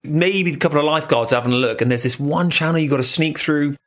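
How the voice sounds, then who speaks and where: A man co-hosting a casual surf podcast, telling stories in a lively, jokey way and swearing freely. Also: on the high side, fast talker. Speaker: podcast co-host. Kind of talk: casual chat.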